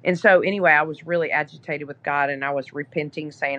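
A woman's voice: low-pitched, steady tone, fast, hardly any pauses, bright, forceful tone, lo-fi sound. A woman guest on a podcast, telling a story in a casual, chatty way with many fillers. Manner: chatty, lots of "you know" fillers. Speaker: podcast guest, app founder.

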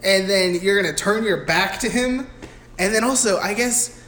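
A young man co-hosting a podcast, recapping a film in a loud, profane, animated way and slipping into voices for the characters. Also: high-pitched, normal speed. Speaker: podcast co-host. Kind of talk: casual chat recapping a film. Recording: echoey room with faint noise.

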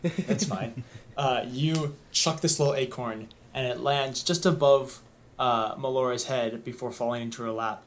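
A man narrating a tabletop game as game master, easygoing and unhurried, with frequent fillers. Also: medium pitch, steady tone, poor audio. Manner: easygoing, lots of "um", unhurried scene-setting.

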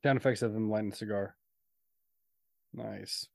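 A man's voice: fairly low pitch, steady tone, normal speed, creaky, dry recording, studio quality. A man co-hosting a casual podcast, teasing and playful in tone. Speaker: podcast co-host. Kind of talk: casual chat.

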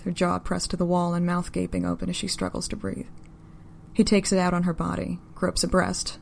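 Low, gravelly woman narrating a story. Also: darkish tone, a little hiss or hum. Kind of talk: audiobook-style story narration.

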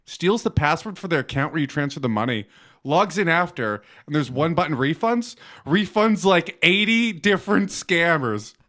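A man's voice: a little high, lively intonation, normal speed, a bit bright. Brief: male podcast co-host, rambling storyteller, casual and crude. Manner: rambling storytelling, swears freely. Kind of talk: casual profane podcast chat.

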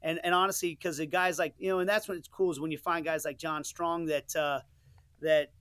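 A man's voice: fairly high pitch, little pitch movement, fairly quick, a bit bright, clean tone, no room sound. A middle-aged man, a soccer commentator from the United States, telling stories in a casual interview, earnest and rambling with many restarts and asides. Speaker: soccer play-by-play commentator, guest.

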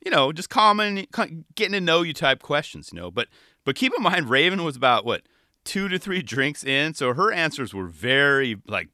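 A young man giving casual commentary on a dating show, animated and laughing, full of fillers. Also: medium pitch, no echo, studio quality. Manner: animated, laughing, frequent "you know" fillers. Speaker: show reviewer.

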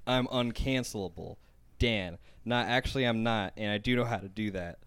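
A man's voice: on the low side, fairly bright tone, clean tone, no room sound. A man on a casual podcast, reading out group chat messages in a jokey way. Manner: jokey, reads messages aloud with quick voice changes. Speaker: podcast co-host.

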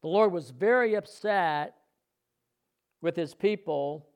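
Preacher guy giving his testimony, kinda high voice, earnest, repeats himself for emphasis. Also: takes it slowly, gravelly. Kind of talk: sermon.

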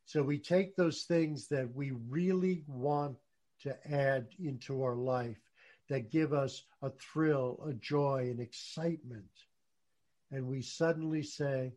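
A man talking earnestly about spiritual growth, dropping low and soft for emphasis. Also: takes it slowly. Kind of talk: conversational storytelling.

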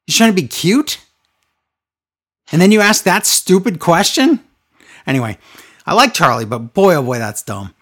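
Sarcastic man with a lively, swooping voice. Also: on the high side, normal speed, long pauses. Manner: sarcastic, exasperated ranting. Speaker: podcast co-host recapping wrestling. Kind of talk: casual chat.

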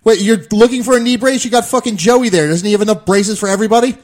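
Man, high voice, teasing crude podcast host. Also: quick pace, a little mellow. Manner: teasing, swearing. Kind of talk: crude comedic banter.

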